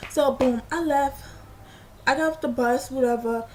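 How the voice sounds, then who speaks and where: High-voiced young woman telling a story. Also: moderate pace, slight background noise. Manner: animated, slangy retelling with quoted dialogue. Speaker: vlogger. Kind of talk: storytime vlog.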